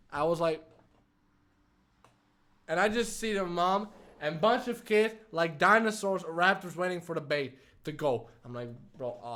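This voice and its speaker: Young man, slightly high pitch, casual storytime, heavy swearing, many fillers. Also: fairly bright tone. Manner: swears a lot, many fillers, non-native phrasing. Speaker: vlogger.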